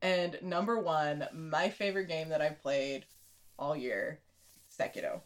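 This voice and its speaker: A woman's voice: low voice, unhurried. A woman on a podcast, ranking games in casual chat with dry quips and frequent laughs. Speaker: podcast co-host.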